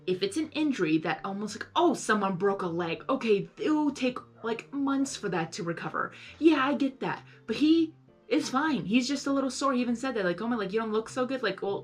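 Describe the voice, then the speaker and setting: A woman's voice: on the high side, lively intonation, fairly quick, soft background music. A young woman giving casual live reaction commentary, chatty, saying "like" a lot and talking back to the characters. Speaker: reaction video host.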